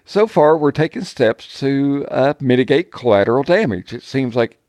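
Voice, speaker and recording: A man's voice: mid-range voice, lively intonation, normal speed, darkish tone, no echo. A man introducing his character as a player on a tabletop game podcast, rambling and self-deprecating with frequent chuckles. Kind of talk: casual chat.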